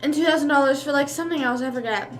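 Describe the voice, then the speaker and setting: A young woman streamer races through a casual mukbang conversation, full of fillers, speaking between bites. Her pitch is a little high for a woman, with quiet music in the background.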